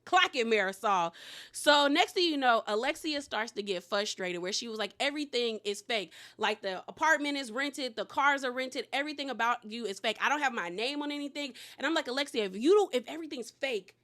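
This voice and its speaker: A high-pitched woman with a bright, forward voice gossips through a reality show recap. She is animated and sassy and keeps calling the cast "girl". Her chatty delivery often tips into laughter and loud exclamations.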